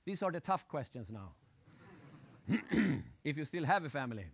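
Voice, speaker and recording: A man giving a live motivational seminar talk, animated, acting out crowd shouts and putting questions to his audience. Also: a little high, moderate pace, creaky, slightly rough. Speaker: motivational speaker.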